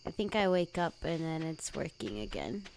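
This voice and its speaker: A woman's voice: deep voice, very animated, normal speed, noisy background. A woman livestreaming a farming game, chatting casually with her viewers and gushing over cute characters. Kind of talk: casual gameplay commentary. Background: game music.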